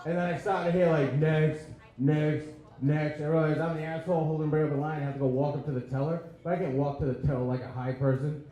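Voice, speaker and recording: A man doing stand-up comedy, with a profane rant style and shouted bursts, acting out dialogue. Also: on the high side, fairly even intonation, very fast, few pauses. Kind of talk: stand-up set. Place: comedy club stage. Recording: echoey club with crowd laughter. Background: audience laughing.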